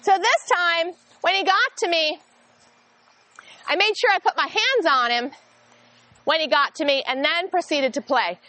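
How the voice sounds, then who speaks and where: A woman dog trainer walks through a training demonstration with a high, bright-pitched voice. Her tone is friendly and explanatory. The sound is close and dry. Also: unhurried, long pauses, no echo. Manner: friendly, explanatory, breaks into bursts of high, excited praise.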